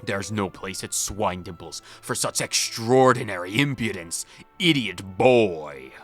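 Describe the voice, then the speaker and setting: A man voicing a stern, cruel old male ghost headmaster, talking in a slow, strained, menacing growl. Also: lowish voice, lively intonation, soft background music, pitched below the performer's own voice. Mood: contemptuous.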